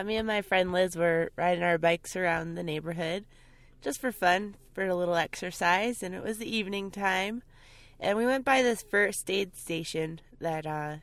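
Lively young woman telling a story outdoors. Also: lowish voice, no echo. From New Jersey. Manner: animated storyteller with loud bursts. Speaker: co-host. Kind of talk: casual chat. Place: outdoors by a canyon overlook.

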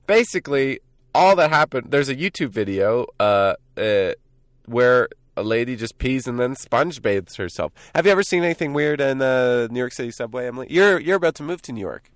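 A man's voice: medium pitch, lively intonation, brisk, dry recording. Joking young man chatting outdoors, dry sound. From New Jersey. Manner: joking, loose storytelling with fillers. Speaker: podcast host. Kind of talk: casual chat. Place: outdoors by a canyon overlook.

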